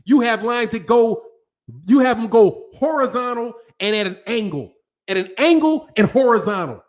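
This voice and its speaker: A man's voice: very high-pitched, expressive, normal speed. A man hosting a boxing channel, ranting angrily to a live audience in heavy profanity and repeating himself. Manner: angry, profane, repetitive.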